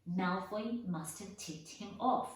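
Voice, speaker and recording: A clever young schoolgirl speaks in a sharp, know-it-all way, played by a woman reading a storybook. Her voice comes from far off in a very echoey room. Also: mid-range voice, slow, close to an everyday voice.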